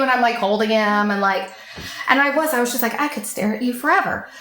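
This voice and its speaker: A woman in her thirties telling a long personal story in casual chat, animated and swearing freely as she acts out what others said. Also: a little high. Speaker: podcast guest. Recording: echoey room.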